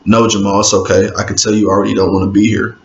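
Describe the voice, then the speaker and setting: A man reading the lines of a loud, bratty, drunk young woman in his own low voice, whiny and pouty. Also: level tone, quick pace, natural voice. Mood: pleading. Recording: roomy, dull lo-fi with faint hiss.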